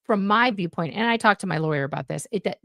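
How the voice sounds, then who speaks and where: A woman's voice: mid-range voice, expressive, quick pace, vocal fry, fairly bright tone, no room sound, clean studio sound. A young adult woman chatting as a guest on a live stream from a home setup, rambling with many fillers and restarts. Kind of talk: casual chat on a live stream. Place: home room. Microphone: budget USB mic, home setup.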